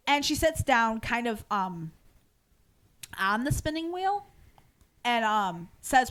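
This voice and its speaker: Animated woman recapping a show. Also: fairly high pitch, slow, pauses often. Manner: animated storytelling, frequent fillers and restarts. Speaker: podcast co-host. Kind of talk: casual recap of a TV episode.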